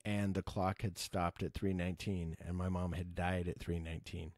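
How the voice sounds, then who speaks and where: A middle-aged man with a deep, relaxed voice chats through a long personal story on his podcast. He wanders and swears casually, leaning on fillers as he goes. The sound is dry and close, with no room around it. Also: moderate pace, dry recording. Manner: rambling, profane, lots of fillers. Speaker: podcast host.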